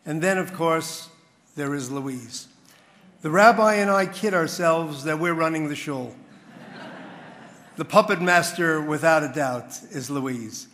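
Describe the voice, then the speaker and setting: A man's voice: on the high side, measured pace, a bit bright. A man speaking at a community dinner, thanking people and telling a parable, recorded in a large hall at a podium mic. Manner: tells a parable with a punchline. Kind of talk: after-dinner speech.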